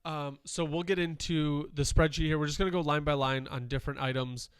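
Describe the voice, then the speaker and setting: A man's voice: a little high, steady tone, brisk, smooth, no echo, clean studio sound. A man co-hosting a real estate podcast in casual chat, a little congested and using many fillers. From Wisconsin, USA. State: congested from dust.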